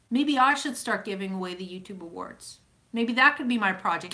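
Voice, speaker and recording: A woman's voice: medium pitch, animated, a little fast, bright, forceful tone. A woman with a Calgary, Alberta Canadian accent, chatting casually as a YouTuber who answers viewer comments, rambling and often breaking off mid-sentence. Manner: rambling, self-interrupting, chatty. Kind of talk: casual live chat.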